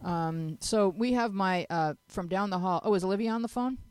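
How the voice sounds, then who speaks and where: A woman's voice: mid-range voice, a little mellow, smooth, dry recording. Chatty, frank woman hosting a talk show. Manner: chatty, frank, joking, quick to restart sentences. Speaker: host of a teen panel talk show. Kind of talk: casual panel chat giving advice.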